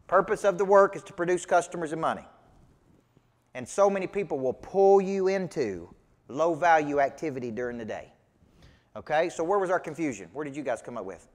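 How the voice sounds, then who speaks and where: A man's voice: on the high side, animated, brisk, in a large hall. A man with a Southern US accent, coaching a live seminar audience in an emphatic, folksy way full of rhetorical questions. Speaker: business coach. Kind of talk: motivational seminar teaching.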